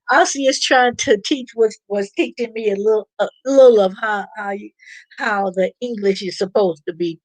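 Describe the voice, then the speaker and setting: With a medium-pitched, darkish voice at normal speed, a woman hosts a relaxed live-stream chat and reads viewers' comments aloud. She rambles chattily with many fillers and restarts, and the recording is dry and rough.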